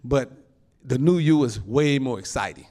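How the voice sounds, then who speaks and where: A male pastor preaching a sermon in an animated, folksy way, laughing often and calling out to the congregation. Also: medium pitch, moderate pace. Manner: folksy informal phrasing.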